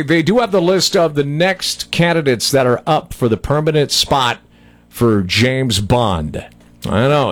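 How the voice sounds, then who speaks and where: Guy dj rambling on air, voice jumps up and down a lot, dead dry studio mic. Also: no room sound. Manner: chatty, joking, lively pitch swings. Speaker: radio DJ. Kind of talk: casual radio chatter. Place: radio studio. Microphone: studio microphone.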